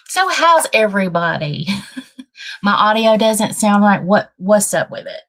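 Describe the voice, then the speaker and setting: A woman hosting a casual livestream with a dry throat, talking bluntly and thinking out loud as she rambles. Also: medium pitch, lively intonation, slow. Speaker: livestream host.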